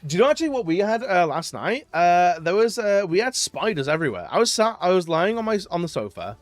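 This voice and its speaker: A man's voice: sits high, very animated, fast, no echo. A man streaming live, chatting casually, joking, laughing often and rambling between stories.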